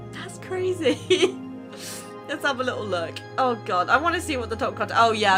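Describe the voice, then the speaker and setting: A woman casually chatting as a YouTube creator, excitable and full of exclamations as she goes over her channel. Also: mid-range voice. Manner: excitable, exclaiming, laughs between remarks. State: emotional, near tears. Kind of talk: casual vlog chat reviewing channel stats.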